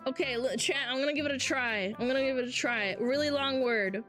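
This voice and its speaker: A woman's voice: sits high, fairly quick, a bit bright, faint music behind. A woman streamer chatting casually with her live chat, brash and swearing freely as she reads messages aloud.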